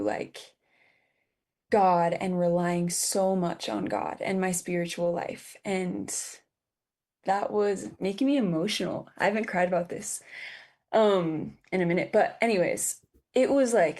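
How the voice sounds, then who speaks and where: Guesting on a podcast, a twenty-something woman recounts a personal experience in a mid-range, slightly mellow voice. Her speech is broken by frequent fillers and restarts, and she sounds close to tears.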